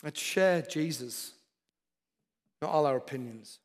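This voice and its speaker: A man's voice: on the high side, takes it slowly. A man preaching a sermon, with earnest, repeated exhortations. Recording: long hall reverb.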